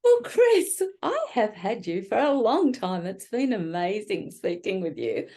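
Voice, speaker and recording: An Australian woman hosts the chat at an unhurried pace, her pitch rising and falling freely. She keeps encouraging her guest with small agreements and laughter. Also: sing-song, warm tone. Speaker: podcast host. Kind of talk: casual interview chat.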